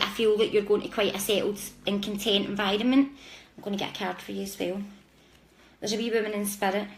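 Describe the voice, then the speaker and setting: A woman with a mid-range voice hosts a live-stream psychic reading, with a little hiss or hum audible in the recording. Chatty, warm-hearted and apologetic, she speaks directly to her viewers.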